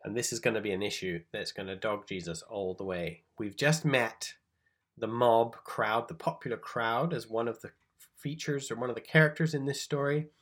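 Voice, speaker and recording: A man's voice: medium pitch, moderate pace, fairly bright tone. A man teaching on a Gospel passage in a conversational sermon style, explaining the background, checking in with his listeners and loosely paraphrasing the text. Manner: thinks aloud with restarts, paraphrases scripture informally. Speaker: Bible teacher.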